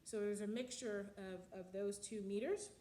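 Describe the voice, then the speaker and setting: A woman's voice: medium pitch, normal speed, echoey room, background noise. A woman teaching music history in a slide lecture, explaining with frequent ums and counting out the beats.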